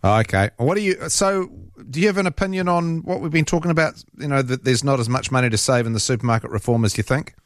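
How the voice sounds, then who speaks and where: A man's voice: mid-range voice, fast, hardly any pauses, no echo, studio quality. A man with a New Zealand accent hosting a talkback radio show, chatty and hesitant with frequent restarts. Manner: chatty, hesitant, laughs easily. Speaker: radio talk show host.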